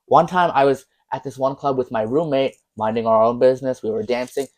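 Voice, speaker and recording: A man's voice: medium pitch, steady tone, brisk, a little mellow. A young man from Canada, a podcast guest, chatting casually and rambling with frequent laughs. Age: young adult. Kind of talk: casual chat.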